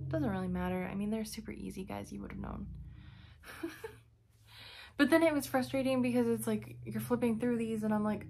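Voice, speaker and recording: A woman's voice: on the high side, fairly even intonation, normal speed, creaky, pauses often, slight background noise. A young woman giving a casual vlog update, telling a story in a chatty, exasperated way with sighs and fillers. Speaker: vlogger.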